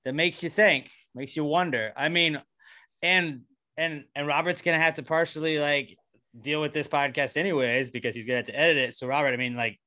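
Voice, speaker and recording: A man's voice: fairly high pitch, steady tone, a little fast, bright, forceful tone. A young man co-hosting a podcast, chatting loosely and jokily with lots of fillers. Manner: loose, rambling, jokey delivery with frequent fillers. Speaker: podcast co-host. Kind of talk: casual podcast banter.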